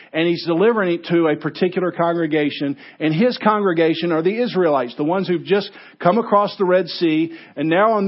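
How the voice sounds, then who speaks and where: A man pastor preaches a sermon in a fairly high voice. He tells stories with animation, dropping low for points and rising to exclaim. The recording sounds dull and lo-fi. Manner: animated storytelling, shifts from quiet to exclaiming.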